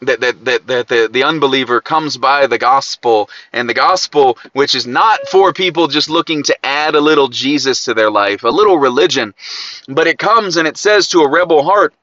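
Ohio guy preaching, bright forceful voice, fired up then drops soft, dull dry lo-fi recording. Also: mid-range voice, lively intonation, moderate pace, dry recording. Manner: impassioned, swings from loud emphatic peaks to quiet asides. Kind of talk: podcast sermon.

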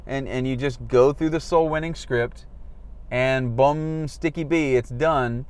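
A man speaks in a frank, self-deprecating way from the driver's seat of a car. His voice sits in a middle range, and he slips into quick impressions of the people he once talked to. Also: medium pitch, steady tone, clean tone. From Florida, US. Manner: candid, self-deprecating, acts out quoted dialogue. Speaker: former evangelist recounting his past. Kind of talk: casual reflective monologue. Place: in a car in traffic.

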